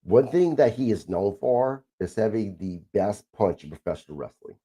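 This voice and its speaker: A man's voice: lowish voice, expressive, normal speed, mellow, slightly rough. A man hosting a wrestling podcast, asking questions hesitantly with many "um"s. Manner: hesitant, many "um"s and filler words. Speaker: podcast host. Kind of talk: interview questions.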